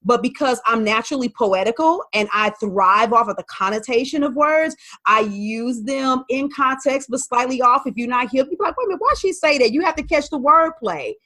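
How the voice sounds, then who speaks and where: A woman, telling an animated story about learning Spanish. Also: on the high side, moderate pace, few pauses, dry recording. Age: 40s. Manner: lively, animated storytelling with quoted voices. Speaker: podcast host and Spanish learner. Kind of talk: testimonial talk.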